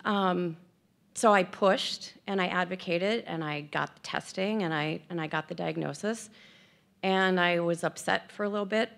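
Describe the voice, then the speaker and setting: A woman in her fifties speaks frankly and with self-deprecating humor in personal remarks at an event. Her voice sits a little low, with a gravelly texture. She is tearful and emotional as she talks. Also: moderate pace, fairly bright tone. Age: 50s.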